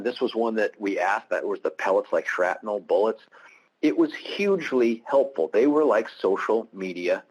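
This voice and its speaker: A man's voice: on the low side, normal speed, breathy edge, highs cut off. A man, a prosecutor, giving a webinar presentation over a computer mic, candid and anecdotal with self-deprecating humor.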